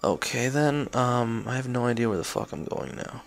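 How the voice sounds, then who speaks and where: A young man narrates his own gameplay for a let's play, his gravelly, medium-pitched voice expressive and moving at a normal speed. Frustrated outbursts, cursing at his errors, and sarcastic comments run throughout.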